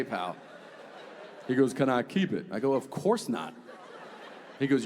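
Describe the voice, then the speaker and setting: Man doing animated stand-up in a hall. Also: mid-range voice, unhurried, long pauses. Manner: animated, acts out characters with shifting voices. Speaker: stand-up comedian. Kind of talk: stand-up comedy set. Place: large theater stage. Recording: echoey theater hall with crowd noise.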